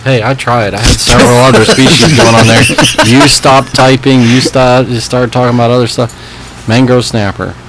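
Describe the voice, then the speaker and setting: Very deep voiced guy running down the fish report, plain and steady, noisy recording. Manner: matter-of-fact, listing species. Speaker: fishing report host. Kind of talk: casual fishing report. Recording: noisy background.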